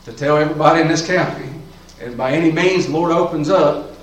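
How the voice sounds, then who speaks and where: A man's voice: a little high, fairly quick. A man preaching a sermon in a church, in a folksy, fervent style with plain colloquial talk. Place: church sanctuary. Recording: roomy echo, voice from far off, faint ambience.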